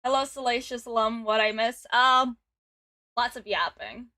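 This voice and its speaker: Hosting a laid-back stream, a twenty-something woman speaks at normal speed in a fairly high, pushed and bright voice, with no echo. She giggles frequently, reads viewers' chat aloud, and cuts over her guest.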